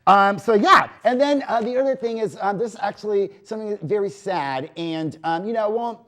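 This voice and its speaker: A high-pitched man talks briskly as host of a studio-based community TV variety show. He rattles through a casual, animated, gossipy monologue loaded with "like" and "you know."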